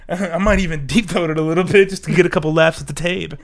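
Young man, podcast co-host, sick, casual profane rambling, frequent laughter, slightly high pitch. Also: fairly even intonation, fast talker.

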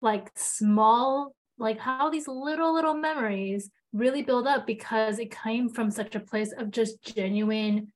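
A woman co-hosting a podcast in casual chat, relating with animated retellings. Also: fairly high pitch, measured pace, few pauses.

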